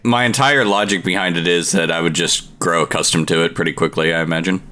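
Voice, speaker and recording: A man's voice: low voice, fairly even intonation, fast talker, sharp tone. A man in his twenties, co-hosting a podcast in casual chat, telling jokes and laughing at them. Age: 20s. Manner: joking, laughs at own jokes. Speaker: podcast co-host.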